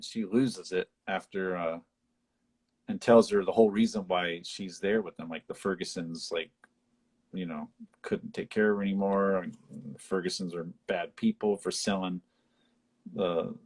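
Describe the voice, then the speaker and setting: A husky, slightly low-voiced man co-hosts a casual live chat about a film. He retells scenes with enthusiasm and jumps into squeaky voices to mimic characters. His delivery is loose, with frequent laughs and restarts. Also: measured pace. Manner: animated retelling, acts out lines in high voices. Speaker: podcast co-host.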